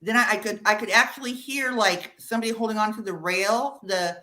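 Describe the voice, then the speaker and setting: A middle-aged woman guest telling a personal ghost story in casual chat, animated and quick to laugh. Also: rough recording. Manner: animated, laughs often, drops low for quoted voices. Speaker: guest caller.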